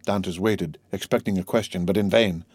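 A man narrating a classic novel as an audiobook reader, with a steady, even reading. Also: low-pitched, fairly quick, slightly rough, dry recording. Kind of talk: scripted narration.

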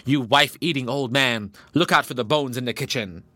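A man voicing a sly, deceitful male badger in a storybook tale, pleading gently and later jeering. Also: medium pitch, animated, fairly quick, dry recording, studio quality, lightly acted. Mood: mocking. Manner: pleading, then mocking.

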